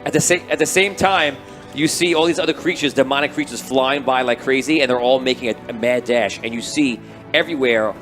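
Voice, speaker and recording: A man running a tabletop game, describing the scene in a rambling, excited way with many restarts. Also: medium pitch, a little fast, faint music behind. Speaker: game master.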